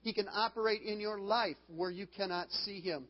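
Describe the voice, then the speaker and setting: A man's voice: high-pitched, normal speed. A man preaching a sermon as pastor, earnest and given to laughing at his own stories and restarting phrases. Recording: long hall reverb, dull lo-fi sound.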